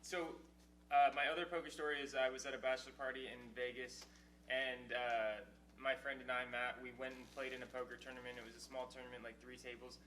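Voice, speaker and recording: A man's voice: mid-range voice, little pitch movement, fairly quick, a bit bright. A man in his twenties, a podcast co-host, telling a long casual story with many false starts. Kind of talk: casual chat. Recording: distant mic in an echoey room with faint hum.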